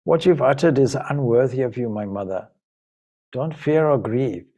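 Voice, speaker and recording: A man doing a gentle, steadfast young prince. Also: medium pitch, expressive, normal speed, highs cut off, close to an everyday voice. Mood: gentle, firm. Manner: gently reassuring yet firm.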